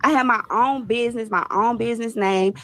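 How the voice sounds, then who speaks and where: A woman content creator lays out her side in a defensive, matter-of-fact tone, heard in a clip played back on the stream. Her voice sits a little high, and she talks plainly and casually. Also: brisk, fairly bright tone.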